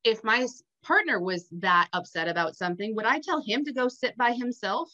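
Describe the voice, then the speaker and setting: A woman's voice: fairly high pitch, a little fast, lo-fi sound. A woman from Minnesota, a business founder and mother, talking candidly and animatedly in a video call interview. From Minnesota, USA. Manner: candid, animated, laughs easily. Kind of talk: casual interview chat.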